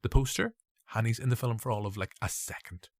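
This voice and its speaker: A man's voice: mid-range voice, brisk, a little mellow, dry recording, studio quality. A man with a Northern Irish accent hosting a casual film review podcast, sounding a little nasal and congested. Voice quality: gravelly, a bit nasal. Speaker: podcast host.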